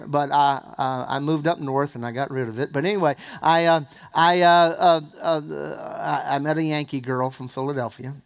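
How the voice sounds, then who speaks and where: A man's voice: on the high side, normal speed, creaky, hardly any pauses, clean tone. A man from South Carolina teaching church history in a conversational lecture, with jokey asides and frequent "uh" fillers. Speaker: Bible teacher.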